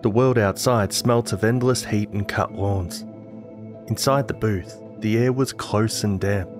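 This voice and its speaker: Low-voiced man narrating a horror story. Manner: measured storytelling. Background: music.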